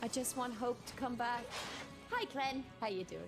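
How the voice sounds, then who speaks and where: A woman streamer giving casual gameplay commentary, excitable and often squealing, swearing and laughing. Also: fairly high pitch, moderate pace. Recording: game music playing loudly behind.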